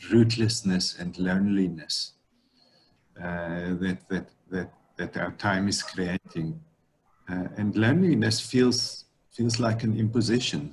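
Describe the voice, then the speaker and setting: A man's voice: sits low, low-quality recording. A man giving a reflective talk as guest speaker, thoughtful and often restarting his sentences. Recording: faint background noise.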